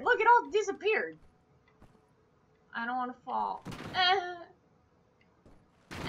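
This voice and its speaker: A young woman playing a video game with a friend, excitable and swearing, shrieking when startled. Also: high voice, slow, vocal fry, long pauses, lo-fi sound. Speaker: gamer, co-host. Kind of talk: let's-play banter.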